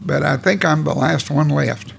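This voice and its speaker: Gravelly man in his eighties. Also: fairly high pitch, moderate pace. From Oklahoma. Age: 80s. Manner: folksy, rambling, plainspoken with mild cussing. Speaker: oral history interviewee. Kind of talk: casual storytelling reminiscence.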